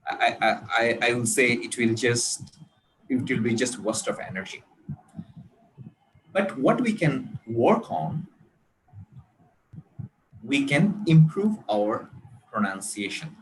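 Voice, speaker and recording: A man from Bangladesh with a Bangladeshi English accent, lecturing on public speaking in a deliberate way, with frequent pauses and stressed key words. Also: mid-range voice, expressive, slight background noise, low-quality recording. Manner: deliberate, with many pauses and hesitations.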